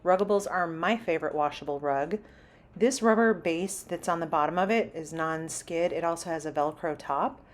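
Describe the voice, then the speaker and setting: A woman hosting a shopping vlog who walks through a large store and chats casually, reading out prices as she browses. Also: on the low side. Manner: chatty, lists prices while browsing. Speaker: shopping vlogger. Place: inside a large home improvement store.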